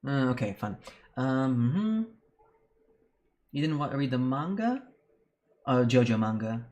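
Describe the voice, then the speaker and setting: Brief: male game streamer, mid-pitched, swears a lot, rants loudly, then reads chat. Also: takes it slowly. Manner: profane, animated ranting; chatty, reads and answers chat. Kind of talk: casual live-stream chat.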